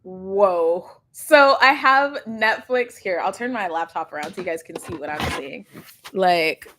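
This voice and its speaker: A woman's voice: mid-range voice, expressive, unhurried, noisy background. A young woman, streaming a casual chat on her laptop. She rambles, laughs often and swears casually. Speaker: livestream reaction host.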